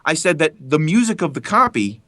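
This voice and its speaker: A man voice actor from Philadelphia, chatting in a podcast interview, animated and quick to laugh, with a mostly neutral American accent. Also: on the high side, no room sound, studio quality. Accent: trained-out Philadelphia, standard American Midwestern style. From Philadelphia area. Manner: animated storyteller, laughs often, quick asides. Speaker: guest voice actor. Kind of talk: casual podcast chat.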